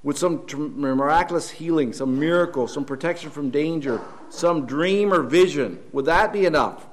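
A man preaching a Sunday morning sermon in a church, earnest and halting, often repeating words and posing questions to the congregation. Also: on the high side.

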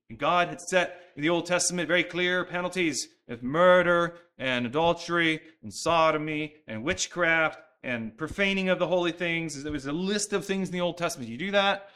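A man's voice: on the high side, sharp tone. A man preaching a sermon, talking earnestly and conversationally and often restarting his sentences. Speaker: pastor.

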